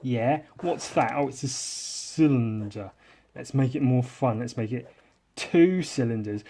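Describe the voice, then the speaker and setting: A man with an English accent, hosting a drawing podcast in casual, rambling chat, sarcastic and self-mocking, often trailing off quietly. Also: medium pitch, slow.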